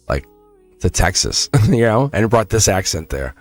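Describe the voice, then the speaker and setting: A man's voice: fairly low pitch, animated, fairly quick, soft background music. A man with a Boston accent giving a casual, rambling livestream tarot reading, restarting phrases and chuckling. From England.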